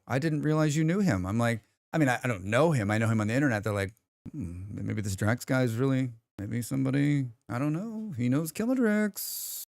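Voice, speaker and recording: Lively chatty American man streamer. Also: a little high, vocal fry, no room sound, studio quality. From United States. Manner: rambling, chatty, reads chat aloud. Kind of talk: casual live-stream chat.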